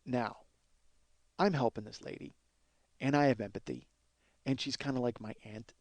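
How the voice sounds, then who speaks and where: A man's voice: medium pitch, fairly quick, a little mellow, no room sound. A man in his forties, hosting a podcast, tells a comic story in a profane, self-mocking, ranting way. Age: 40s. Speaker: podcast host. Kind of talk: comedic storytelling monologue.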